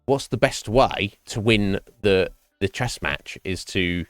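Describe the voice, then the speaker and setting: A man's voice: fairly low pitch, lively intonation, slow, dry recording. Rambling man streaming, faint music behind. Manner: rambling, musing, lots of fillers and restarts. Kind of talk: casual chat with stream viewers. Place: home streaming setup. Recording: dry close mic, faint game music behind.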